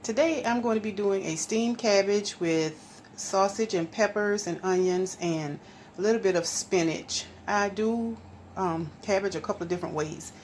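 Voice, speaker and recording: A middle-aged woman, chatting homey and relaxed to viewers as she cooks in her kitchen. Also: lowish voice, slight background noise, poor audio. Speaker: cooking channel host. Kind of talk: casual cooking vlog chat. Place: home kitchen.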